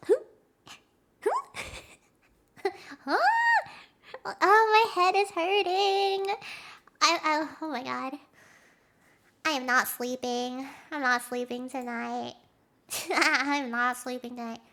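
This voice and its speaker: Young woman streamer, high bright voice, rambling and excitable, acts out quotes. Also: vocal fry. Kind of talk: casual chat with stream viewers.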